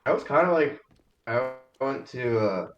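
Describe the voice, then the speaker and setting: A man's voice: medium pitch, lively intonation, unhurried, echoey room, lo-fi sound. A young man from New Jersey on a voice call, chatting casually, laughing through his stories and swearing. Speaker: friend on a call. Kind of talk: casual chat.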